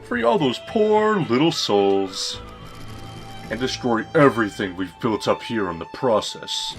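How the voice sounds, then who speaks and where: A man voicing a sneering male villain in a game, taunting with a mocking, drawn-out, theatrical delivery. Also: medium pitch, big pitch swings, soft background music. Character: sneering, sing-song male villain taunting a night guard.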